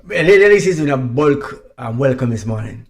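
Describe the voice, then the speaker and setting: A man's voice: medium pitch, expressive, moderate pace. A man co-hosting a morning web radio health show, talking in a loose, rambling way with repeated phrases.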